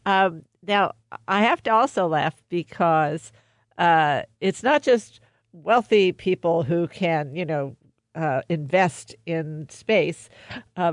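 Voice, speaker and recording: A woman's voice: fairly low pitch, dry recording, studio quality. A woman hosting an interview, asking questions and making wry, joking asides. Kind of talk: conversational interview.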